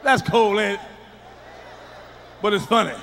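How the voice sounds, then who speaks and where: A middle-aged man doing a loud, profane, emphatic stand-up routine, recorded live. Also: sits high, measured pace, gravelly, big-room sound, a little hiss or hum. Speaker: stand-up comedian.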